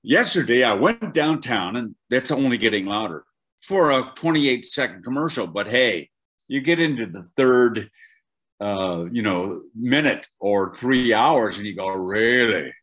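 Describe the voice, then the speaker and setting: Older male voice teacher, mid-pitched, animated, restarts often, interview guest. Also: unhurried. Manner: animated storyteller, many restarts. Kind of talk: conversational interview.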